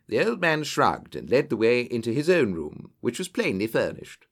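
A man's voice: mid-range voice, very animated, moderate pace, hardly any pauses. A man narrating a story aloud, telling it with varied character voices. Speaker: audiobook narrator. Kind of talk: scripted narration.

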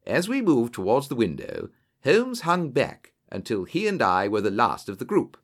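A man's voice: medium pitch, huge pitch swings, moderate pace. A man narrating a story aloud, telling it with varied character voices. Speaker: audiobook narrator. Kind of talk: scripted narration.

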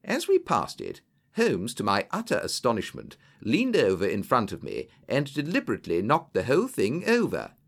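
A man's voice: mid-range voice, wildly swooping pitch, moderate pace, gravelly. A man narrating a story aloud, telling it with varied character voices. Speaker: audiobook narrator. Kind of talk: scripted narration.

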